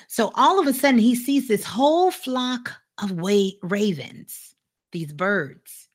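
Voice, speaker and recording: Woman storyteller, conversational and animated, very expressive pitch. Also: slow pace. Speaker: radio host and storyteller. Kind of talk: casual storytelling.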